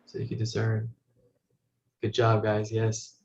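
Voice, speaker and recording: A low-voiced man leads a guided meditation, speaking softly and slowly and repeating his phrases, often dropping almost to a murmur. His pitch stays fairly flat. The recording sounds roomy and a little dull. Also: creaky. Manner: soft-spoken, slow, repetitive guidance, often dropping to a hush. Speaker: spiritual teacher.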